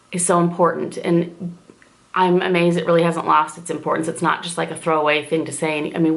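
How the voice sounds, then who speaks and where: A woman's voice: on the low side, vocal fry. A woman in her forties from southern Indiana with a slight southern twang, chatting casually to camera at home as she rambles through viewer questions with lots of fillers. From southern Indiana, USA. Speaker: vlogger answering viewer questions.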